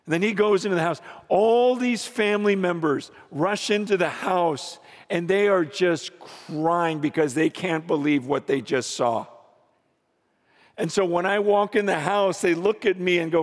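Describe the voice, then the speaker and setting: A man preaching a sermon as he tells a story, swinging from hushed lines to shouts. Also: a little high, moderate pace. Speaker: pastor. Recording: long reverb of a large hall.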